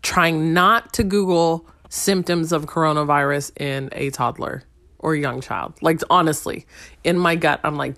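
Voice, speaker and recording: A woman in her thirties with a fairly low voice tells a chatty, wry story about home life and talks straight to her listeners. The sound is dry and close, with no room echo. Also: a little slow, a bit bright. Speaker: stay-at-home mom vlogger. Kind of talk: casual storytelling monologue.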